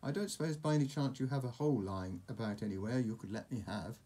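A man's voice: mid-range voice, fast, mellow, husky, close to an everyday voice. A man voicing Honk, a naive, eager male storybook creature who talks earnestly and hopefully.

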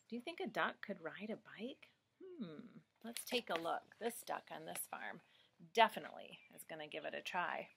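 A woman's voice: on the low side, expressive, normal speed, gravelly, husky. A woman reading a picture book aloud to children, encouraging them and asking them questions. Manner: warm, encouraging, asks the listener questions.

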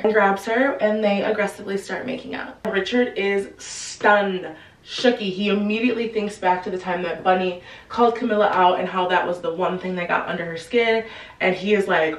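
A woman's voice: medium pitch, moderate pace, distant mic. A young woman casually retelling a novel's plot, slipping into slangy quoted lines for each character. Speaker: book recap host. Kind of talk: casual storytelling recap. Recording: echoey room, voice set back from the mic.

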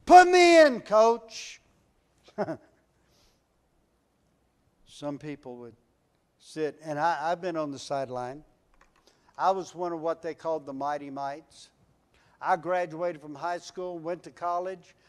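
High-voiced folksy preaching man. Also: fairly even intonation, a little slow. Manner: folksy preaching, swells to near-shouts on repeated refrains. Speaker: pastor. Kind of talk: sermon. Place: church sanctuary.

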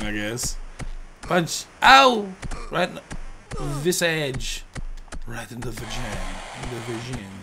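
Bright-voiced, excitable swearing gamer guy. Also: fairly high pitch, slight background noise. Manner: profane, excitable outbursts and rambling jokes. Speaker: gameplay commentator. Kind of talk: let's play commentary.

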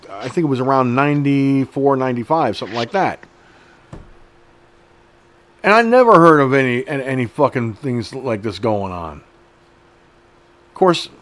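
Hosting an online news show, a middle-aged man of medium pitch reads through an article and keeps interrupting it with indignant, profane, blunt remarks.

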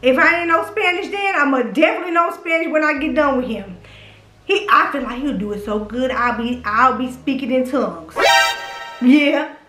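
A young vlogger from Houston, Texas, talks about who she would date, reacting with smash-or-pass picks in a high, pushed, bright voice at a moderate pace. Gushing and profane, she teases her viewers, recorded in an echoey room with faint music.

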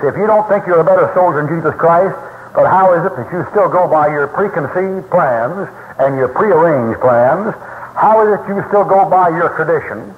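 Fairly high-voiced preacher, tinny hall tape. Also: male voice, slight background noise. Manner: folksy storytelling, emphatic. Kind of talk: sermon. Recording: tinny, echoey hall recording from the 1960s.

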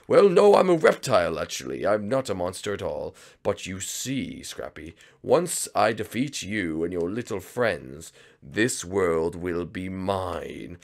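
A theatrical reptile villain professor, gloating over his schemes, played by a man in a game roleplay. His voice is lowish and gravelly, with lively swings in pitch. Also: unhurried, exaggerated voice.

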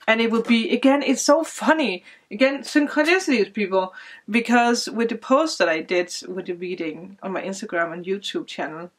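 A woman's voice: mid-range voice, moderate pace. A woman giving a casual, emotional tarot card reading, tearful at times, with frequent fillers.

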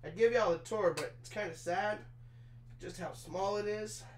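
A young man in his twenties, hot and sweaty, chats loosely with his viewers and swears now and then while he puts together a chair. His voice sits high for a man. The small room rings with echo, and a faint hum runs underneath. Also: normal speed. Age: 20s. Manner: chatty, talks to chat while assembling a chair, swears casually. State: sweaty and overheated from work. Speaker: streamer. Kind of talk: casual live-stream chat.

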